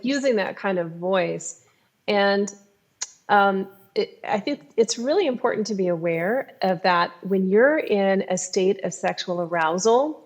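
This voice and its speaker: Woman, therapist guest on a podcast, calm and instructive, mid-range voice. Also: mid-range voice. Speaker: clinical sex therapist. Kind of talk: podcast advice discussion.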